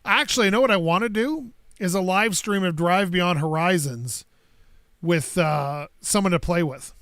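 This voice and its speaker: A gaming streamer with a high, slightly bright voice casually comments on a block-building game at a moderate pace, rambling to himself and his chat as he plays. The audio is studio quality with no room sound.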